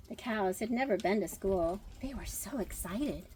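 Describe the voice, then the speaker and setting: An older woman reading a picture book aloud to children, chatty and pausing to comment and wonder aloud between pages. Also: medium pitch, expressive, warm tone, slight background noise.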